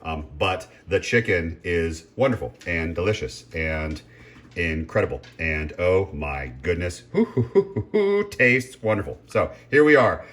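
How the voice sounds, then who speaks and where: A man's voice: low-pitched, expressive, slow pace, a bit bright. A man casually chatting as he cooks at home, rambling, interrupting himself and filling gaps with ums and uhs. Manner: rambling, self-interrupting, chatty with frequent fillers. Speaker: home cooking vlogger. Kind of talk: casual cooking commentary.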